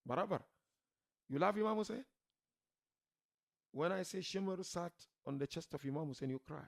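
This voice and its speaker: A man preaching with a fairly high, gravelly voice that rises and falls widely. He swings from soft, pleading lines to loud shouted emphasis and keeps asking his listeners rhetorical questions. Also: lively intonation, normal speed. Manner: rhetorical questions, repeats key words. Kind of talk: sermon.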